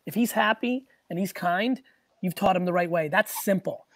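Blunt, profane man with a husky voice. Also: high voice, normal speed, no echo, clean studio sound. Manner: blunt, profane and emphatic, often shouting. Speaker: host answering callers' questions. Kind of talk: live Q&A call-in show.

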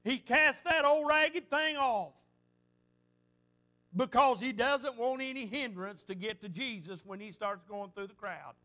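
A male pastor delivering a fervent sermon. His voice is high and bright with a sharp, forceful edge. He repeats phrases for emphasis and tells stories as he preaches. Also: measured pace. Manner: fervent, repetitive preaching with storytelling.

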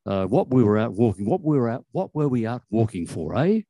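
A man putting on an easygoing young pickpocket, wry and chummy with his friend. The voice is a little raised from the reader's own but still dark and mellow. It is recorded close and dry. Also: mid-range voice, very animated, brisk, no echo, poor audio. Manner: chuckling, chummy.

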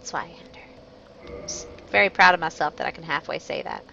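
Bright, chatty woman streamer. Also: low-pitched, lively intonation, fast, gravelly, muffled recording, a little hiss or hum. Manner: chatty and self-mocking, greeting chat viewers. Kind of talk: casual gameplay commentary.

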